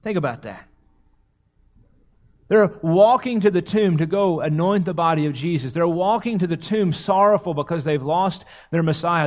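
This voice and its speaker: A man preaching a sermon, retelling a scripture story dramatically, often repeating words as he goes. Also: high-pitched. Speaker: pastor.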